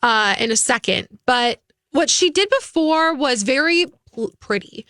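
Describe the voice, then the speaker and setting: A woman from Minnesota co-hosts a casual entertainment gossip show, chatting quickly and slipping into voices when she quotes people. Her voice sits a little high and rings bright. The sound is dry and close. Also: lively intonation, no room sound. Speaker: radio show co-host.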